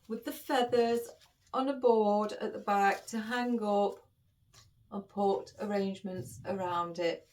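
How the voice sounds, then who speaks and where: A woman's voice: mid-range voice, fairly even intonation, slow, darkish tone. A woman florist chatting to her viewers in a casual vlog, emotional and holding back tears. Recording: voice a bit far from the mic.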